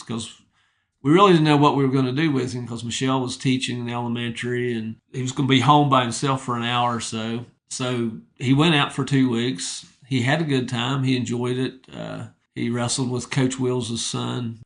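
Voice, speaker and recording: Middle-aged man, gravelly voice, retired coach, humble, straightforward, rambling anecdotes. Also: medium pitch, steady tone, normal speed, fairly bright tone. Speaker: retired wrestling coach, guest. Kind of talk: casual interview storytelling.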